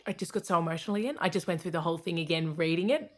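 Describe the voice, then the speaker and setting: A woman's voice: on the low side, rapid-fire. A woman in her thirties with an Australian accent, a guest telling candid personal stories in a casual interview, often laughing and restarting her sentences. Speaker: guest, comedian and radio host.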